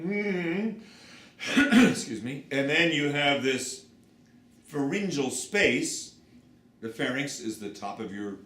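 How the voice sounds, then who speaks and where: A man teaches singing in an animated, swooping voice, his pitch leaping when he demonstrates. The room rings around him, and a faint hiss sits underneath. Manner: lively, explanatory, demonstrates sounds with his voice. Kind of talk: spoken singing lesson with sung examples. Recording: roomy sound with faint background noise.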